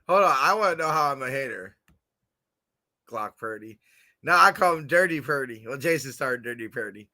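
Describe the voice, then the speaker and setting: A man hosting a fan podcast in a casual livestream chat, excitable and giggly with lots of slang, on a computer camera mic. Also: medium pitch, moderate pace, no room sound.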